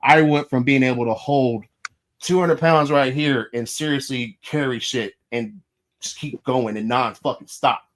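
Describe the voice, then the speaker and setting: A man's voice: medium pitch, a little slow. A man in his thirties hosting a podcast, talking candidly and profanely about his past and how he changed. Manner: candid, profane, self-reflective. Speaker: podcast host. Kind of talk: casual podcast chat.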